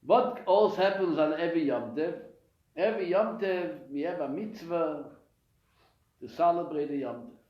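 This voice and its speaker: A man's voice: fairly high pitch, normal speed. A man teaching a live Torah class, posing questions and answering them himself with frequent restarts. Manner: animated, asks and answers his own questions. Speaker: rabbi teaching a weekly class. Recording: echoey room, dull lo-fi sound.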